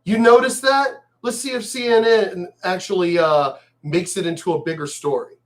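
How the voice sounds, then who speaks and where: Male vlogger, high voice, angry swearing rant, mocking and emphatic. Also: normal speed. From El Paso, Texas. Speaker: vlogger ranting on news. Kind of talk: profane political rant.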